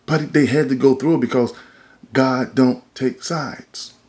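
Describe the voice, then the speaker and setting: A man at mid pitch holds forth on a podcast in a loose, colloquial monologue. He talks like a preacher, pressing his points with emphasis while keeping the tone of everyday speech. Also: steady tone, unhurried, darkish tone. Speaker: podcast host.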